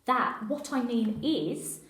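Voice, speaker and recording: A woman's voice: fairly high pitch, lively intonation, slow pace, a bit bright, echoey room, pitched above the performer's own voice. A woman doing an earnest male police constable. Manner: formal radio-code talk.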